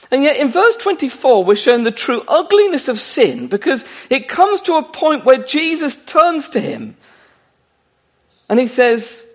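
A man's voice: very high voice, wildly swooping pitch, unhurried, muffled recording. A man preaching a sermon in an earnest, pleading way, addressing his listeners directly. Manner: earnest, pleading, with many asides.

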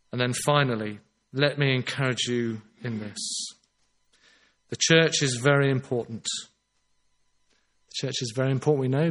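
A man preaching a sermon in an earnest, emphatic way, slowing down on his key phrases. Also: mid-range voice, fairly bright tone.

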